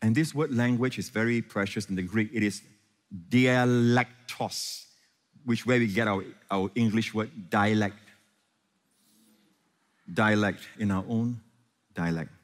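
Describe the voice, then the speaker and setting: A man preaching a sermon as pastor, impassioned, swinging from loud questions to hushed, tender reassurance. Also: lowish voice, a little slow, long pauses, big-room sound.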